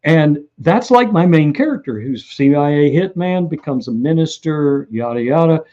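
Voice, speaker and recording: A man, an author being interviewed, telling lively stories and acting out what people said. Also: fairly high pitch, normal speed, dull audio. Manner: animated anecdotal storyteller who acts out quotes. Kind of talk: interview storytelling.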